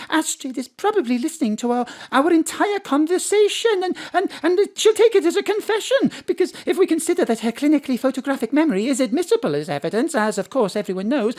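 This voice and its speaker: A flustered, theatrical young woman in a live radio drama. Her voice sits high and she tumbles breathlessly from one dramatic thought to the next. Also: darkish tone. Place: home studio.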